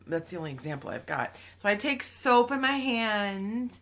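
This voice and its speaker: Bright, lively woman podcast co-host. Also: medium pitch, normal speed. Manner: laughs often, blunt and teasing. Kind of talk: casual frank chat.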